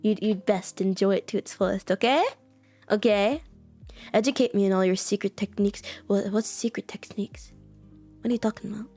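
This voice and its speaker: A woman's voice: medium pitch, brisk, warm tone, faint music behind. A woman with an American accent chatting casually with her live chat as a streamer, giggling often and saying "like" a lot. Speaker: VTuber streamer.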